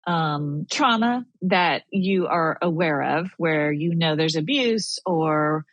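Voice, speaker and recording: A woman guest in a casual faith-based conversation, animated and acting out her own inner thoughts. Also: low voice, takes it slowly, dry recording, lo-fi sound. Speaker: podcast guest.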